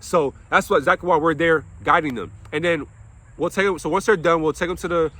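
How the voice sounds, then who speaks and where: Fairly high-pitched and a little fast, this young man's voice comes across bright and forceful. He's an after-school counselor delivering a passionate, preachy rant full of curses, and he keeps asking himself questions only to answer them.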